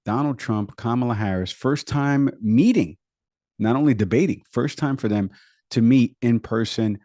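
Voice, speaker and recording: A man's voice: medium pitch, moderate pace, mellow, no room sound, clean studio sound. A man co-hosting a podcast, chatting casually and emphatically about politics. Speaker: podcast co-host.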